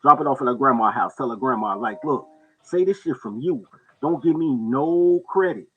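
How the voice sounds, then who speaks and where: A man casually telling stories on a talk show, animated and quick to act out the people in them. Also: phone-quality sound. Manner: animated storyteller, jumps into high-pitched voices for others. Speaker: podcast co-host telling stories. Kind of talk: casual storytelling chat.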